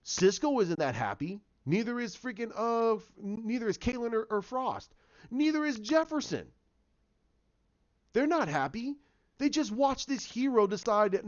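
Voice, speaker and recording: A man reviewing a TV episode in a casual vlog, excitable and ranting, repeating himself as he makes his points. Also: high voice, moderate pace. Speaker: TV show reviewer. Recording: dull lo-fi sound.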